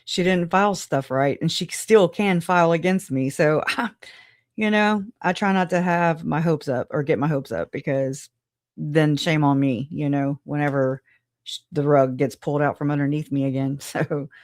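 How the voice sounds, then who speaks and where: A woman's voice: low-pitched, fairly even intonation, moderate pace, no room sound, clean studio sound. A woman hosting a casual livestream, greeting viewers by name, chatty and frank, laughing often. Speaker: livestream host.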